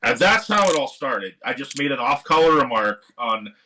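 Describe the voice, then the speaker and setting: Animated, bright-voiced man telling a story. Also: medium pitch, normal speed, slight background noise, low-quality recording. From Seattle area. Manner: animated, swearing, quotes others in lively voices. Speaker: guest musician. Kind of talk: casual storytelling interview. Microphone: live stream microphone.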